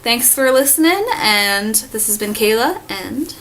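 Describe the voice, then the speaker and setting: A woman's voice: on the high side, lively intonation, a little slow, fairly bright tone, rough recording. Chatty young woman vlogging. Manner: chatty, rambling with many fillers. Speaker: vlog host. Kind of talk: casual travel vlog chat.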